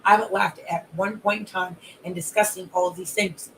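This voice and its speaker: Calmly enraged coach with piled-up lists. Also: mid-range voice, brisk, a little hiss or hum, poor audio. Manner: controlled anger, long repetitive lists of grievances. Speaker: life and wellness coach. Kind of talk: live audio-room monologue.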